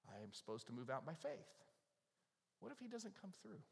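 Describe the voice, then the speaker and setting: Pastor preaching in an echoing hall. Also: male voice, fairly high pitch, very animated, fairly quick, vocal fry. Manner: conversational, asks the congregation questions, acts out worried prayers. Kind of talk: sermon. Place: church with audience. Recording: long reverb of a large hall.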